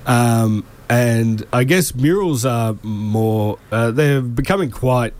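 A man's voice: mid-range voice, slow pace, darkish tone. An Australian man hosting a casual podcast interview, asking questions hesitantly with many ums and uhs. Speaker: podcast host. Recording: faint background noise.

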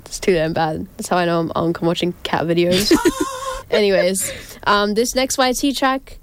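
A woman's voice: medium pitch, expressive, normal speed, no echo. Giggly young woman radio host. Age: young adult. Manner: chatty, giggly, rambling with fillers. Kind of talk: casual radio chat. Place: radio studio.

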